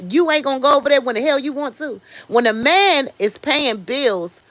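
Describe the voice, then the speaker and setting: A woman in her fifties hosting a livestream, giving blunt, animated commentary, swearing freely and answering viewer comments. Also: fairly high pitch, no echo. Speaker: livestream host. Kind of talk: casual commentary.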